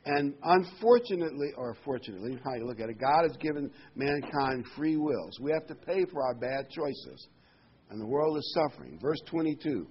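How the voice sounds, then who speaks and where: A man's voice: medium pitch, expressive, normal speed, slight background noise. A male preacher delivering a sermon, reading scripture aloud and stressing key phrases by repeating them. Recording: muffled lo-fi recording.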